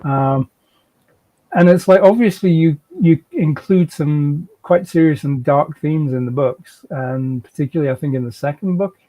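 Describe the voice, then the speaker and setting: Mellow-voiced male podcast host. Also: a little high, moderate pace, poor audio. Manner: hesitant, many fillers. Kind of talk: interview questions.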